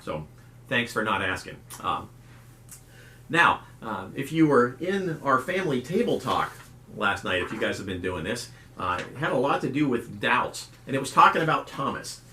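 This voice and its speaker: Hosting a relaxed devotional video, a middle-aged youth pastor talks at normal speed in a medium-pitched voice. He's a folksy storyteller who acts out quoted voices, and the recording has roomy echo with slight background noise.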